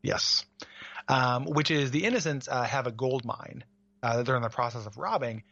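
A man's voice: mid-range voice, normal speed, creaky, fairly bright tone, no echo, highs cut off. A man co-hosting a casual podcast about video games, rambling with many fillers and jokes. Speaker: podcast co-host. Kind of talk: casual game discussion.

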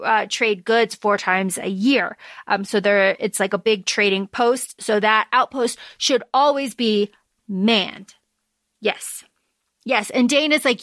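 A woman's voice: fairly high pitch, a bit bright, no echo, studio quality. Chatty woman podcast co-host. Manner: chatty, quick, reads out quotes with filler ums. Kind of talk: casual book discussion.

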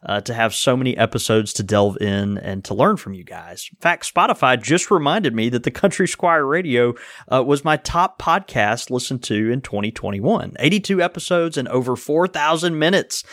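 A man's voice: mid-range voice, animated, moderate pace, fairly bright tone, dry recording, studio quality. Easygoing male podcast co-host. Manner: easygoing, many fillers and restarts. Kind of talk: casual podcast chat with ad read.

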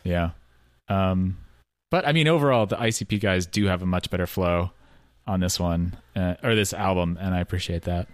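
A man's voice: deep voice, normal speed, dry recording. Laid-back male podcast co-host, casual album talk, close dry mic. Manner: laid-back, loose, reads lyrics aloud. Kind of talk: casual chat reviewing an album.

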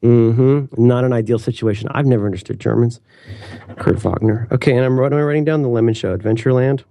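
A man in his thirties co-hosting a podcast, chatting casually in a rambling, animated way. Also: medium pitch, quick pace, gravelly. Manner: rambling, self-interrupting, animated. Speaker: podcast co-host. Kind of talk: casual chat.

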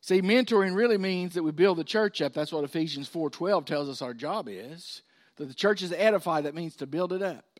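A male pastor preaching a sermon, swinging between loud emphasis and hushed asides. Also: fairly high pitch, animated, brisk.

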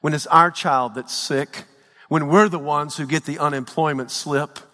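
A man preaching a sermon in a church, swinging between shouted peaks and hushed low lines. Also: steady tone, moderate pace, long reverb tail. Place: church sanctuary.

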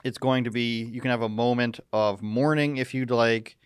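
A man hosts a live news commentary stream, cracking jokes and wandering into sarcastic asides. His voice is smooth and resonant at a middle pitch. The sound is dry and close. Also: steady tone, normal speed, no room sound. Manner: joking, sarcastic, rambling asides.

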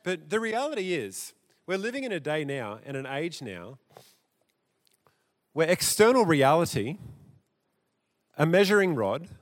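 A man preaching a sermon in a church, theatrical and animated, his loudness rising and dropping. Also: a little high, unhurried, long pauses. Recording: echoey church hall.

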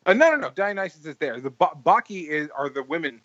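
A man's voice: fairly high pitch, big pitch swings, fast, a bit bright, no echo. Rambling man telling stories, dull dry sound. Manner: rambling, full of "like" and restarts, laughs while telling stories. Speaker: podcast host. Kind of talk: casual storytelling chat.

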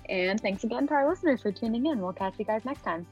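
A woman's voice: a little high, animated, quick pace, a little mellow, soft background music, poor audio. A woman hosting a tech podcast in a casual, playful way as she wraps up the episode. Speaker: podcast host.

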